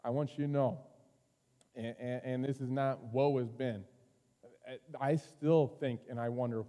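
A man preaching a sermon as pastor, earnest, moving from loud urging to quiet, intimate passages. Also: medium pitch, steady tone, normal speed. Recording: long reverb of a hall.

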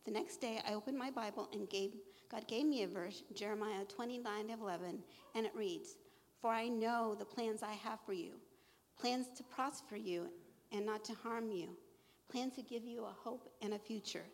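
A woman's voice: a little high, moderate pace. A middle-aged woman sharing her faith testimony, earnest and emotional, quoting scripture to a live audience. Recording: long echo of a large hall.

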